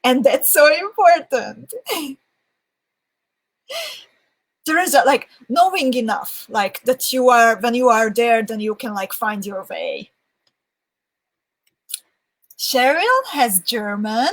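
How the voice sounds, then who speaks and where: A woman with a fairly high, expressive voice hosts a live beading session, chatting casually at a slow pace. She reads viewers' comments aloud, often laughing in between, and the recording quality is low.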